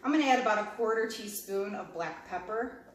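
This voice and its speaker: A woman's voice: mid-range voice, expressive, fairly quick. A woman chatting casually to viewers while she cooks at home, tasting food and walking through a recipe. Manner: talkative, talks while cooking and tasting food. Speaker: home cooking vlogger. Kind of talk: chatty cooking demo. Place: home kitchen. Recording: echoey kitchen, mic a bit far off, clear background noise.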